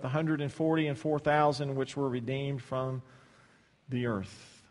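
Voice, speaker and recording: A man preaching a sermon, swinging between loud, stretched-out scripture reading and soft, low asides, often repeating words as he restarts. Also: steady tone, unhurried. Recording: long hall reverb.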